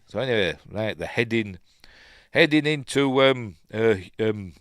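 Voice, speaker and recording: A lower-voiced Yorkshire man talks his way through a film as he watches it, rambling and chuckling at his own asides. His pitch swoops up and down as he goes. The recording is dry and close. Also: lively intonation, measured pace, fairly bright tone, no echo. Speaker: film review podcast host. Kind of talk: casual film commentary.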